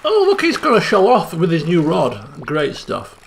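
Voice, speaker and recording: A young man commentates a farming game, his high voice leaping around as he repeats phrases in excited bursts. A gravelly edge runs under it, with faint noise in the background. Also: moderate pace. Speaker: gaming channel host. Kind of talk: let's play commentary.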